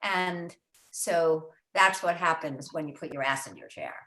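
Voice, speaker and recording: A woman's voice: low-pitched, unhurried. Chatty older woman author, roomy studio. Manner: chatty, animated, many fillers and restarts. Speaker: author and host. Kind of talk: casual conversation about writing. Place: home writing studio. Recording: roomy echo.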